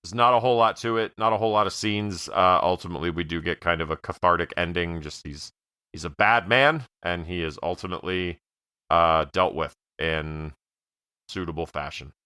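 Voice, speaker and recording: A man with a very deep but bright and crisp voice gives his take on a film in a relaxed podcast chat. His speech is full of fillers, and it sounds dry and close to the mic. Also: dry recording. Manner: filler-heavy, measured. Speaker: podcast co-host. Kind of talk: casual movie review chat.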